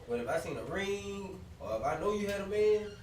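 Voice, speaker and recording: A man's voice: high-pitched, very animated, fairly quick, a little mellow. A man in a religious group discussion telling stories from his own life in casual, slangy talk. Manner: casual storytelling, loose slang. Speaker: group member. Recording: roomy sound from a distant mic, faint noise.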